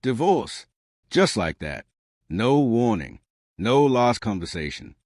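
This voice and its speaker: Heartbroken young wife, voiced by a man narrator: soft, hurt, pleading, lively pitch. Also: takes it slowly, no room sound, studio quality.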